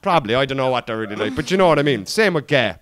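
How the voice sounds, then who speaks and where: A man's voice: mid-range voice, lively intonation, rapid-fire, fairly bright tone. A man in his thirties with an Irish accent, co-hosting a podcast in rambling, swearing casual banter. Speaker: podcast co-host.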